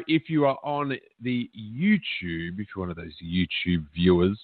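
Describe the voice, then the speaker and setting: A man's voice: a little high, no echo. A man hosting a podcast, telling rambling stories in a jokey, chatty way. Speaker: podcast host. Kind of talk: casual chat. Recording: dry, phone-like narrow sound.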